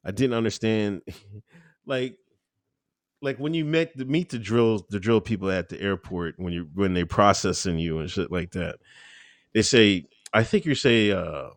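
An interview guest speaks unhurriedly in a voice on the low side, with no room sound at all. He's easygoing and rambling, sprinkling in fillers and laughing easily.

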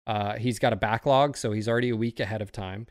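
A man's voice: lowish voice, fairly even intonation, fast talker, no room sound, clean studio sound. A man talking in a casual podcast chat, rambling and profane, often getting fired up. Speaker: streamer and podcast host.

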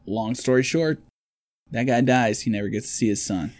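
A man's voice: mid-range voice, a little mellow, no echo. A man chatting casually, retelling a movie plot in a rambling, storytelling way. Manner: rambling storyteller, quick quotes of characters.

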